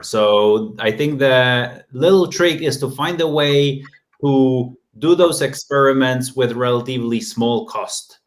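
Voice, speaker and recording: A man on a webinar panel calmly adding a point, explaining with a simple image. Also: medium pitch.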